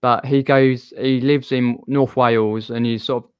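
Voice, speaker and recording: A man's voice: medium pitch, steady tone, unhurried, smooth, dry recording, highs cut off. A man with a Southern English accent hosting a live stream, chatting casually with a guest and reading out viewer comments. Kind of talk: casual chat.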